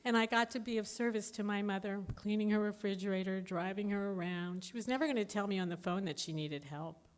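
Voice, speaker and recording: A woman in her fifties giving a candid, animated personal talk as a speaker at a recovery meeting. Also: medium pitch, brisk, hardly any pauses. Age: 50s.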